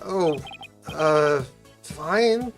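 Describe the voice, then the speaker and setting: A woman's voice: low-pitched, expressive, drawn-out words, faint music behind, exaggerated voice. A woman voicing a hesitant young male lawyer in a fan voice-over of a game, stammering and unsure. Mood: awkward.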